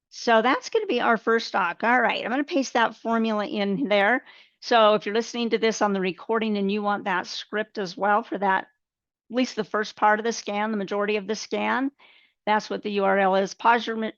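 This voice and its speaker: Woman coach teaching a webcast, higher voice, chatty step-by-step explainer. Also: no echo. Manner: conversational, walks through charts step by step. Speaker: trading coach. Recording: dull, dry webcast audio.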